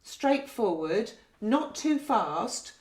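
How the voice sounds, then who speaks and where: A nurse explaining care to health staff in a gentle, patient way, often ending points with tag questions. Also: female voice, fairly high pitch, very animated, very slow. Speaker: community learning disability nurse. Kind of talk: training talk with role-play. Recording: roomy echo.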